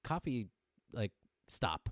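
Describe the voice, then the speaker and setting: A man's voice: takes it slowly, noisy background. A young man co-hosting a podcast, telling a story in casual chat with lots of restarts and quoted voices. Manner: animated, acts out quotes with big pitch jumps; frequent restarts and stammers. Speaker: podcast co-host.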